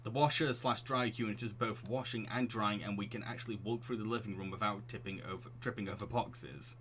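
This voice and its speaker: A man streaming, reading a dating game aloud with playful, animated commentary. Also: lowish voice, fairly quick, a little hiss or hum.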